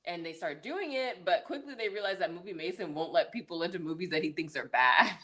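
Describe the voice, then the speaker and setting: Low-voiced chatty woman recapping a movie. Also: lively intonation, fairly quick, a bit bright. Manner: chatty, full of "like" and "um"; laughs now and then mid-story. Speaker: podcast co-host. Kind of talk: casual movie review recap.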